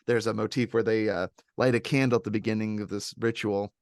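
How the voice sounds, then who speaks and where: Male podcast host, rambling and excitable, dry close sound. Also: on the low side, a little fast, gravelly, no echo. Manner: animated and rambling, with many fillers. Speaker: podcast host reviewing films. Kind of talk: casual chat.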